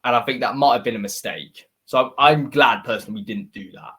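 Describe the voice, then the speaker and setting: Speaking a little fast, a twenty-something man with a West Country English accent chats casually as co-host of a football podcast, using plenty of fillers. His voice is mid-range, fairly bright, and husky.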